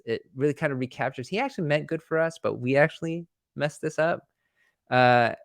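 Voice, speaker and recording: Brief: male guest speaker, casual and lively, voices the people in his story, dry close sound. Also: dry recording. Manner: animated, acts out dialogue with pitch jumps; many fillers and restarts. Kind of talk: conversational webinar storytelling.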